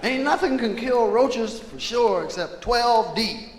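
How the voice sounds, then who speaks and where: A male stand-up comedian telling profane, animated stories on stage and acting out voices. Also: very high voice, slow, big-room sound. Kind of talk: live stand-up storytelling. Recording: live concert album with crowd and hiss.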